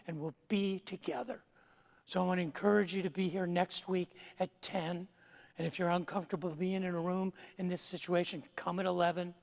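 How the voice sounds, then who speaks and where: Joking pastor with a gravelly edge. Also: male voice, high-pitched. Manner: playful, self-mocking joke-telling. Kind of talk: sermon. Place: large church sanctuary. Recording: long church-hall reverb.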